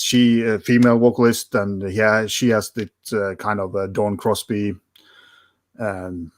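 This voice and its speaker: A lowish male voice, close and dry, talks casually as a podcast co-host. He hesitates often, with "uh"s and restarts as he searches for words. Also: no room sound. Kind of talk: casual chat.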